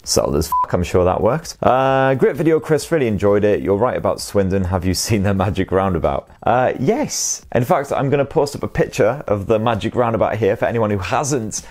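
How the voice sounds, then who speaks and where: A tech show host from Sunderland in North East England fields viewer questions in a casual Q&A, with a Northeast English accent. His fairly low, darkish voice is expressive and a little fast, with few pauses. He cracks cheeky, sweary jokes as he goes.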